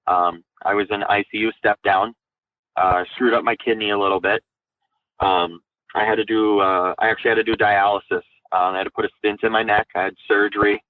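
A man's voice: fairly low pitch, a bit bright, no room sound, low-quality recording. Young man telling a raw personal story. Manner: candid, halting, many fillers and restarts. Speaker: guest, Army National Guard veteran.

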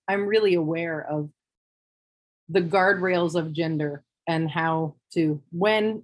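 Give me a husky-voiced woman in casual discussion, wry and reflective, trailing off and restarting. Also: fairly low pitch. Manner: thoughtful, wry, many restarts.

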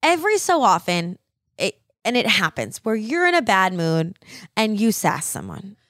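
A woman in her thirties co-hosts a casual chat show and tells her stories with lively, animated energy. She swears freely and keeps the tone loose and chatty. Her voice sits at a middle pitch, recorded dry and close. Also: moderate pace, dry recording. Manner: animated storytelling, heavy swearing. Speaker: podcast co-host.

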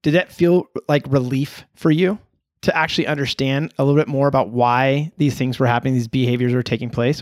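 A man hosting, asking a guest searching questions in a relaxed conversational way. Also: medium pitch, dry recording, studio quality. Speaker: podcast host.

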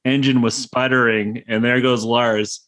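A man's voice: medium pitch, level tone, a little slow, a bit bright, dry recording. A man co-hosting a podcast, talking in a dry, matter-of-fact casual way. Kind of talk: casual chat.

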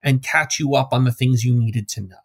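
A man's voice: mid-range voice, a little fast, breathy edge, no echo. A man co-hosting a podcast, chatting casually and jokingly about a film, on a close mic. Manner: jokey, playful asides. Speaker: podcast co-host. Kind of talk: casual film discussion chat.

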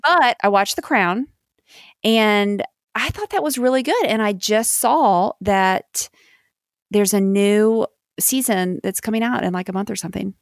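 Chatty American woman with a creaky voice. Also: medium pitch, a little slow, no room sound, clean studio sound. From United States. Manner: chatty, self-deprecating, laughs often. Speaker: podcast co-host. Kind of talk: casual chat.

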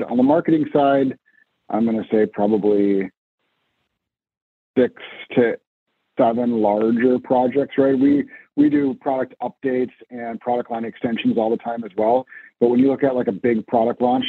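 A man guest, a senior product manager, speaking in a measured, hedging way over a call. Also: medium pitch, creaky, slightly rough. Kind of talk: casual interview talk. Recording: tinny phone-like call audio.

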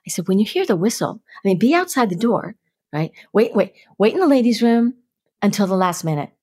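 A middle-aged woman, a podcast guest telling stories with lively energy and acting out the voices in them. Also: medium pitch, brisk, slightly rough, no echo, studio quality. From New York. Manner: lively, acts out the voices in her stories, laughs often. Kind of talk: animated storytelling.

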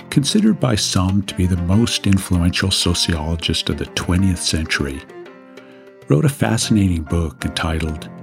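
A man who teaches a business course, giving a scripted lecture in a measured way and posing rhetorical questions. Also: sits low, creaky.

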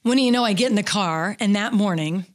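A middle-aged woman telling a personal story as an interview guest, candid and halting, with many fillers. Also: mid-range voice.

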